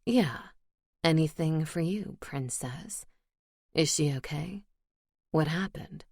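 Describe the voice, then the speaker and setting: A woman voicing a relaxed, teasing young man who talks low and soft, in a storybook. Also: slow pace, husky, no room sound, studio quality, heavily acted. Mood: concerned.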